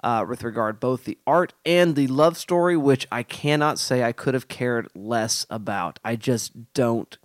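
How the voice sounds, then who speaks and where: A man from Oklahoma co-hosting a casual film analysis podcast, animated and jokey with playful asides. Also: mid-range voice, unhurried, few pauses, dry recording, clean studio sound. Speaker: podcast co-host.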